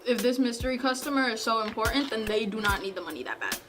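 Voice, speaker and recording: A woman's voice: on the high side, fast talker, lightly acted. A woman voicing a strict store manager in a cartoon, curt and dismissive. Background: music.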